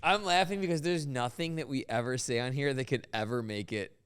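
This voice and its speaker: A man's voice: medium pitch, brisk, fairly bright tone, clean tone. A man hosting a comedy podcast, joking crudely and laughing a lot in casual chat. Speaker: podcast host.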